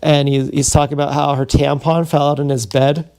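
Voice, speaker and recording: A man's voice: a little high, flat delivery, brisk, darkish tone. A man telling a long personal story on a livestream, meandering and profane, often restarting his sentences. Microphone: streaming from a body camera.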